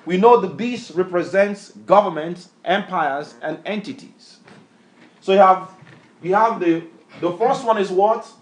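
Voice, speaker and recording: Preaching a street-style bible lesson, a man with a high voice speaks a little slowly and emphatically. He keeps quizzing a reader with questions throughout.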